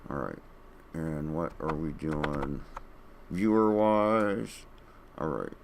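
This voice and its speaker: A man's voice: very deep voice, slow pace, vocal fry, noisy background. A man casually commenting as he streams a video game from home, laid-back and chatty, talking to himself.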